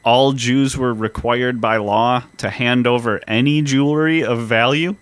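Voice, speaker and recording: A man's voice: medium pitch, fairly even intonation, unhurried, clean tone, no room sound. A man co-hosting a history podcast, explaining events in a casual way and swearing freely. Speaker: podcast co-host.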